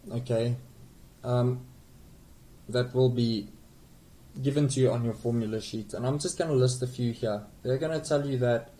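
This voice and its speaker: A man's voice: medium pitch, mellow, slight background noise, rough recording. A man tutoring calculus, explaining step by step in a patient way with frequent okays and small self-corrections. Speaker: math tutor.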